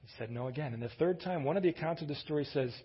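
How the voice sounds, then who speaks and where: A man in the middle of a sermon, telling the story in an easy, conversational way and lifting his voice for emphasis. His voice has a husky edge, and the recording sounds dull and lo-fi. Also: on the high side, rapid-fire. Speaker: pastor.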